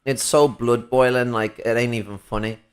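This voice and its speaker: A man's voice: mid-range voice, steady tone, normal speed, clean tone. A man in casual political chat, rambling and profane, with frequent laughs and fillers. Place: Chicago.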